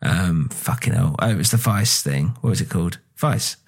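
A man's voice: deep voice, expressive, normal speed. A man with a British accent chatting casually on a podcast, rambling with lots of fillers and casual swearing. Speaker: podcast co-host. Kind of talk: casual chat.

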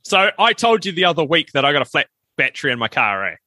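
A man with a New Zealand accent hosts a casual podcast, his voice bright and a touch high. He tells long anecdotes and slips into other people's voices along the way. The sound is dry and close, with no room in it. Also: very animated, fast, no echo. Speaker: podcast co-host. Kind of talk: casual chat.

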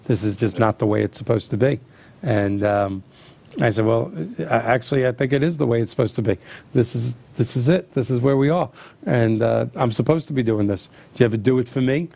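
Man, middle-aged, host, gravelly voice, animated storyteller. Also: mid-range voice, brisk. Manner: animated storyteller acting out quotes. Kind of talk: casual storytelling chat.

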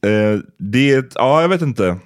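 A man whose first language is Swedish, hosting a podcast in relaxed, casual chat, thinking aloud with many fillers. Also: mid-range voice, slow pace, smooth. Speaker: podcast host.

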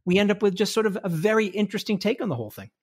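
A man who is a guest author on a podcast, explaining his ideas in a lively way with many restarts. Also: sits high, rapid-fire, breathy edge. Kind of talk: casual conversation.

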